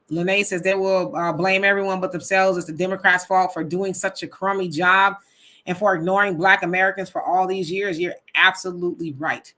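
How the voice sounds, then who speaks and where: A woman hosts a casual live stream, reading viewer comments aloud one after another. Her voice is bright and forward, and her delivery is animated, with frequent laughter. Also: lowish voice. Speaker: host reading live chat.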